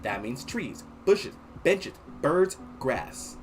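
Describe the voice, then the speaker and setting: Man doing a brisk, bossy lady professor, lively delivery, faint music underneath. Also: on the high side, voice pushed up, full character voice. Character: stern fussy female college professor.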